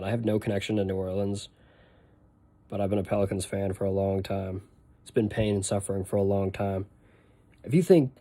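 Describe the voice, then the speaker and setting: A young man with a Boston accent talks his way through a game stream in loose, rambling chat, stopping to answer questions from his viewers. His voice sits on the low side and sounds mellow and relaxed. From northeastern United States. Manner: chatty, rambling, answers chat while playing. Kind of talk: casual gameplay stream chat.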